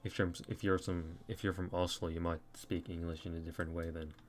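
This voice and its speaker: A man's voice: deep voice, flat delivery, fairly quick. A Norwegian man with an American-leaning accent chatting casually to viewers on a live stream, rambling with lots of fillers. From Norway.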